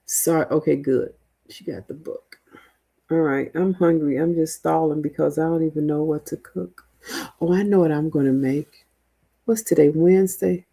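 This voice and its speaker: A woman's voice: sits low, steady tone, normal speed, vocal fry, warm tone, slightly rough. A middle-aged woman hosting a casual livestream, chatting loosely with viewers and rambling with fillers and restarts. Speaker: livestream host, veteran housing mentor. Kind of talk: casual livestream chat reading viewer comments.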